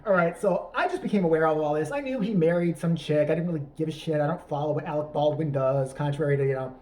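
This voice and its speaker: A man's voice: a little high, fast, dark tone, poor audio. A man hosting a profane comedic rant, crude, sarcastic and rambling. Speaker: YouTube commentator.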